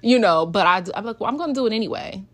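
A woman's voice: medium pitch, lively intonation, racing. A woman, a mother talking casually and emotionally about raising her kids. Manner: chatty, emotional, switches into voices when quoting. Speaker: mother sharing parenting experience. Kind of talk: casual personal talk to an audience.

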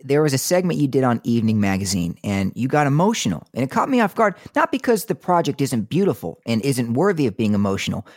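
A radio host with a lively, up-and-down voice poses an inquisitive question. The sound is dry and close, with no room echo. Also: medium pitch, fast talker, few pauses. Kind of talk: interview questions.

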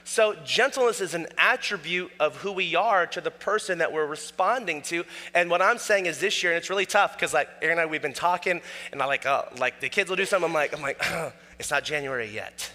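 A middle-aged man preaching a sermon as a pastor, telling self-mocking stories and acting out quotes with animated delivery. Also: sits high, brisk, hardly any pauses. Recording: long hall reverb.

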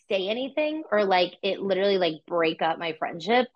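A woman co-hosts a casual podcast, chatting playfully and filling her talk with likes and ums. Her voice sits at an ordinary pitch. The recording is a bit dull and lo-fi. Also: big pitch swings, moderate pace, few pauses. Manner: chatty, playful, lots of fillers. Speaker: podcast co-host. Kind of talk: casual chat.

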